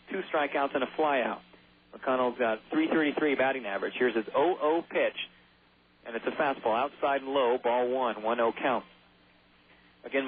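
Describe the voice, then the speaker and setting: A husky, mid-range male voice calls baseball play-by-play on the radio, chatty and prone to jokey asides. The broadcast sounds tinny, like a phone.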